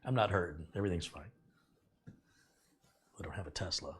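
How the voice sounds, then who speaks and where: A man's voice: low-pitched, brisk, fairly bright tone, breathy edge. A middle-aged man hosting a casual live stream, sarcastic and rambling, reading out viewer donations.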